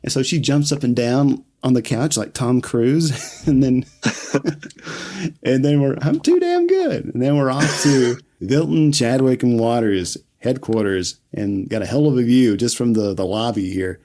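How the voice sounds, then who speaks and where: A man's voice: medium pitch, unhurried, mellow. A man raised in the American South, casually recapping a film scene by scene as podcast co-host, laughing often. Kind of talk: casual movie recap chat.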